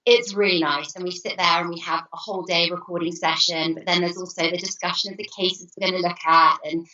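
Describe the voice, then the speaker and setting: A woman author, a guest in a casual interview, talking in a chatty, animated way over a remote call. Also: fairly low pitch, fairly quick. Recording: muffled distant call audio.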